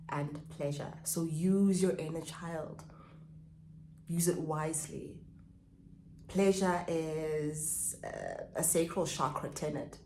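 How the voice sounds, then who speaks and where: A woman's voice: low voice, a little mellow, a little hiss or hum. A woman coach giving a reflective self-help vlog talk, repeating and stressing key phrases. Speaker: pleasure and spirituality coach. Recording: echoey room.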